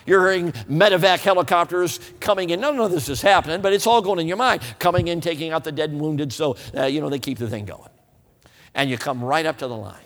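This is a humorous, folksy sermon preached in a reverberant church hall by a man whose voice is a little high and fast. He tells stories animatedly and regularly asks the audience whether they know what he means.

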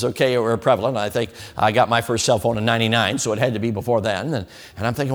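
A man's voice: mid-range voice, quick pace, few pauses, big-room sound. A man preaching a sermon, telling a story with folksy humor and talking straight to his listeners. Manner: folksy, humorous, addresses the audience directly.

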